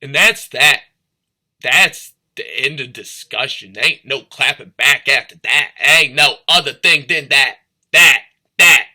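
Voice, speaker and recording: A man's voice: mid-range voice, measured pace, sharp tone. A man from St. Louis talking in a rambling, profane, stream-of-consciousness monologue that drifts between topics and into freestyle rhymes. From St. Louis, Missouri.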